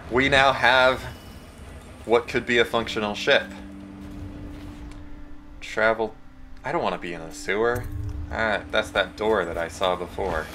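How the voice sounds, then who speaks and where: A young let's play host narrates his gameplay in a lowish voice against a noisy background. He jokes, pokes fun at himself and wanders into rambling asides.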